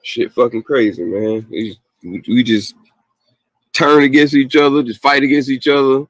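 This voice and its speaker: A podcast host with a medium-pitched voice rants bluntly at a moderate pace, tossing out casual slang, heated asides and frequent laughs in a profane, casual way. The audio is poor, with no echo.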